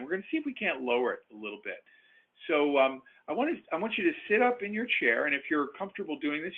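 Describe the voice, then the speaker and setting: A man presenting a webinar, calmly guiding listeners through breathing and relaxation exercises, with frequent fillers and restarts. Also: medium pitch, breathy edge. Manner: calm, instructive, with fillers and restarts. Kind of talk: guided relaxation instruction. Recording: phone-like narrow band webinar audio.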